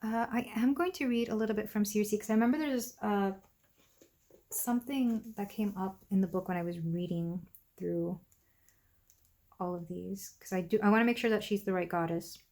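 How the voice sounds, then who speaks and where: Young woman, tarot reader, gentle chatty delivery full of ums and asides. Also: medium pitch, moderate pace. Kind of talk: casual pick-a-card tarot reading.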